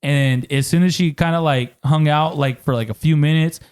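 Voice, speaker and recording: A man's voice: fairly high pitch, normal speed, smooth. A man co-hosting a podcast, telling funny stories in casual chat, laughing often and swearing freely. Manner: animated storytelling, swears often, laughs a lot. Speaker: podcast co-host.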